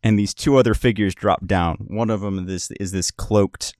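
A man's voice: fairly low pitch, steady tone, normal speed, darkish tone, no echo, studio quality. A man narrating as game master of a tabletop game podcast, describing scenes in a rambling way and correcting himself as he goes.

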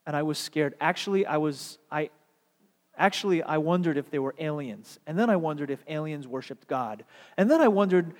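Male preacher, high-pitched, conversational delivery that swells into fervent appeals, reverberant hall. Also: lively intonation, moderate pace. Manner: conversational, rhetorical questions, building to fervent exhortation. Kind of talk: sermon. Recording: long echo of a large hall.

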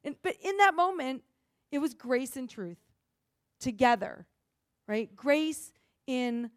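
A woman pastor giving a sermon in an earnest, expressive way, acting out the lines she quotes. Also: sits high, takes it slowly, pauses often, dry recording, studio quality.

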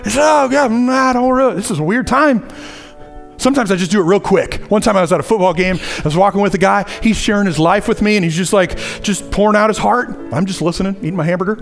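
A man preaching a sermon in a conversational, animated way, acting out little asides as he goes. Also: high-pitched, quick pace, gravelly, hardly any pauses, soft background music.

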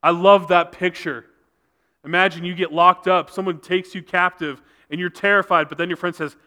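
Earnest preacher with a bright voice. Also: male voice, high voice, steady tone, moderate pace. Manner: earnest preaching, drops to soft intense tones for emphasis. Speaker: pastor. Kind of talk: sermon. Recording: reverberant hall sound.

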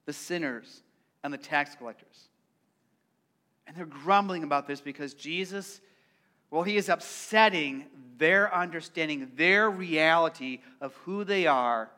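A man's voice: a little high, pushed and bright. A man preaching a sermon in a conversational way, often repeating words and drawing the congregation in. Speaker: pastor.

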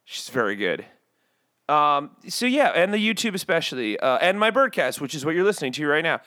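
Brief: man voicing cocky bird podcast host, comedy, rambling asides, lively bouncy voice, a touch high. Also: brisk, no room sound, studio quality. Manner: rambling, self-mocking, swings between loud and muttered asides. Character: brash judgmental male bird podcast host.

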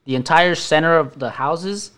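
A young man on a laid-back podcast with friends, his voice sitting a little high. He tells stories in a loose, rambling way, laughing often and swearing freely. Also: normal speed. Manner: laughs often, swears a lot, animated storytelling. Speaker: podcast host. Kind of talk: casual stoner podcast chat.

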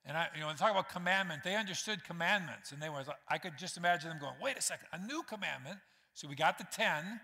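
A male pastor delivers a conversational sermon, speaking straight to his congregation and acting out the lines he quotes. His voice is bright and forceful. It rings with the long reverb of a church hall. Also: a little high, fast, hardly any pauses. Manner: conversational preaching, acts out quotes, addresses congregation directly. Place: church sanctuary.

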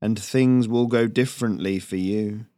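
A man's voice: fairly low pitch, fairly even intonation, dark tone, no room sound, clean studio sound, close to an everyday voice. A man voicing Garriott, a menacing squirrel leader. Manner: slow, menacing, commanding. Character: ruthless male squirrel rebel leader.

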